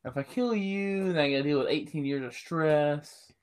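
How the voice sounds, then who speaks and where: A man's voice: on the high side, normal speed, a little mellow, clean tone. A man co-hosting a podcast, answering with dry, joking quips and frequent laughter. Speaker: podcast co-host. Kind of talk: casual podcast chat.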